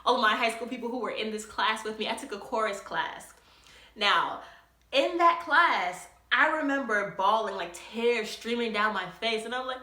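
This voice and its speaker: A young woman vlogger telling a casual story, animated, laughing often and acting out quotes. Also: fairly high pitch, moderate pace, reverberant.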